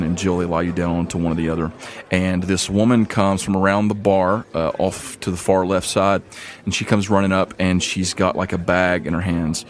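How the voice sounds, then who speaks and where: A man narrating as game master of a tabletop game, casual and easygoing with frequent uhs and laughs. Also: low voice. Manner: casual, laughs between lines, lots of uh.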